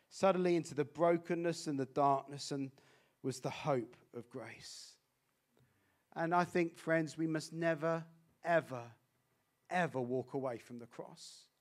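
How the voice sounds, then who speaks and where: A man preaching a sermon as a guest speaker, animated and swinging between loud exclamations and hushed intensity. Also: high voice.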